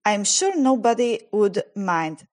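A woman reading aloud and voicing a sensible, practical schoolgirl in a brisk, slightly fussy manner. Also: medium pitch, big pitch swings, a little mellow. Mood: coaxing.

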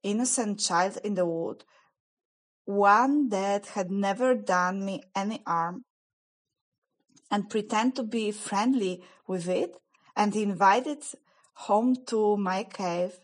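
A woman's voice: medium pitch, slow pace. Lady reading out a guilty anxious faun guy, pleads a lot, takes his time. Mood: anguished. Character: guilt-stricken male faun, gentle and fretful.

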